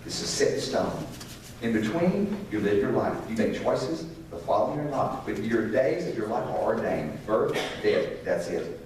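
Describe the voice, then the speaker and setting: A man's voice: mid-range voice, animated, moderate pace, darkish tone. A middle-aged preacher talks through a sermon in a plain, conversational way and keeps asking his listeners questions. His voice carries through a very echoey sanctuary from well off the mic, with a faint hum of room noise behind him. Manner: conversational, asks the congregation questions. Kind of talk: sermon on parenting. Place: church sanctuary. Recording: echoey hall, distant mic.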